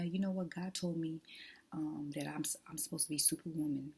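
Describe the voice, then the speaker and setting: A woman's voice: low voice, level tone, brisk, a little mellow, breathy edge. A woman talking casually to her viewers in an emphatic, preachy way, often dropping to a whisper. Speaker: vlogger. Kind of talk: casual testimony chat.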